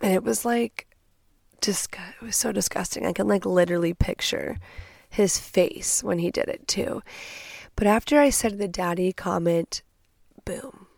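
A young woman hosting a podcast, telling a dramatic story in casual, profane, animated speech on a close mic. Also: mid-range voice, a little slow, vocal fry, no echo. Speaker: podcast host.

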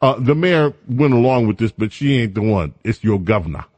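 A man's voice: medium pitch, animated, a little fast, darkish tone. A man hosting an opinion show, speaking in a sarcastic, mocking and emphatic way. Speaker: commentary host. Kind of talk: opinion commentary.

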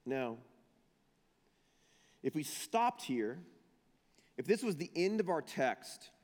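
Fiery preacher in a big echoing hall. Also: male voice, a little high, sing-song, slow pace. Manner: dynamic, swings from shouting to hushed, acts out quotes. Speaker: pastor. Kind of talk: sermon.

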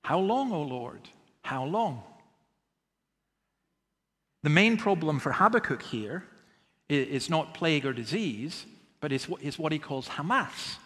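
A man preaching with earnest emphasis, pressing his listeners with rhetorical questions. His voice sits a little higher than most men's. The sound rings with the long reverb of a hall. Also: a bit bright. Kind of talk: sermon.

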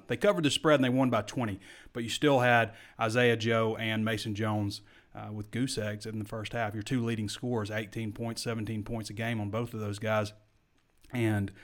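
Chatty male sports podcast host. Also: mid-range voice. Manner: chatty, self-correcting, stat-heavy. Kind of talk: casual sports talk show.

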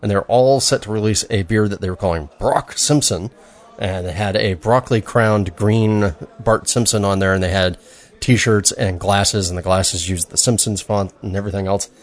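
A man's voice: on the low side, normal speed. A man co-hosting a beer podcast in casual, rambling chat with many fillers. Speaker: podcast co-host.

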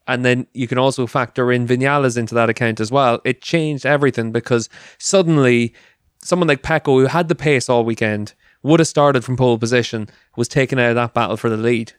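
A man talks through racing incidents in a measured, explanatory way. His voice sits at an ordinary pitch and comes across dry and close to the mic. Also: steady tone, smooth, no echo. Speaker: racing pundit. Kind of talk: studio discussion.

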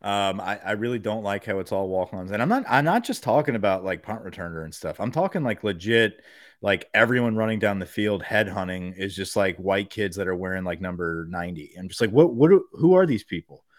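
A man co-hosting a podcast, talking football in a casual, animated way, often profane and acting out coaches yelling. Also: sits low, fairly quick, no room sound, studio quality. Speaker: podcast co-host. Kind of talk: casual sports chat.

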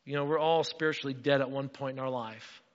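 A man preaching a sermon as pastor, animated and acting out the voices in the story. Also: mid-range voice, quick pace, big-room sound, lo-fi sound. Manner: animated, acts out quotes.

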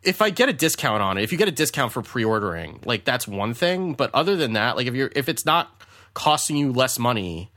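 A man hosting a laid-back podcast chat with a mid-range voice. He rambles and hedges as he goes, relaxed and unhurried. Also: mid-range voice. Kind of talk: casual chat.

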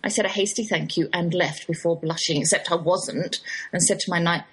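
A woman's voice: brisk, husky. An older woman with an English accent, hosting a radio show in a chatty, playful scripted monologue. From England. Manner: chatty, playful, lively pitch swings.

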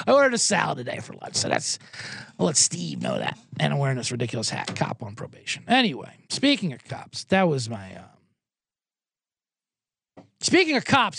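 Male comic host, rambling and self-mocking, high and animated. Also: creaky, husky, no room sound, studio quality. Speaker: comedy podcast host. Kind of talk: comedic monologue. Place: Los Angeles.

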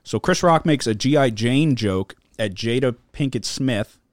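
A male podcast host, mid-range in voice with lively intonation and a measured pace, tells rambling, casual stories thick with cursing and filler. The sound is dry and clean, from a studio.

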